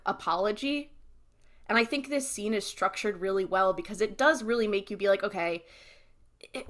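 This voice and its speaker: A young adult woman co-hosting a podcast, recapping an episode in a chatty, animated way with lots of fillers. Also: mid-range voice. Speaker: podcast co-host. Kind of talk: casual chat, recapping an episode.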